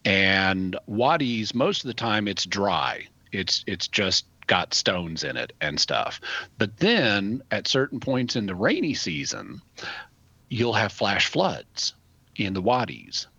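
Man, low voice, forceful tone, measured explanations, dull dry lo-fi recording. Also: very animated, breathy edge, no echo. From United States. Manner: measured, explaining step by step with restarts. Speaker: resident expert answering questions. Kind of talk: explanatory conversational talk.

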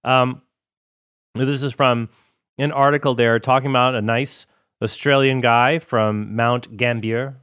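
A man's voice: mid-range voice, a bit bright, clean tone, dry recording, studio quality. A man hosting a show, talking casually with asides and brief mock voices. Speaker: podcast host. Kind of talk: casual commentary.

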